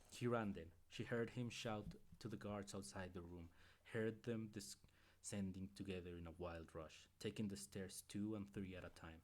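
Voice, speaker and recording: A man's voice: deep voice, steady tone, moderate pace, a little mellow. A man reading a novel aloud on a stream, often stumbling and correcting himself mid-sentence.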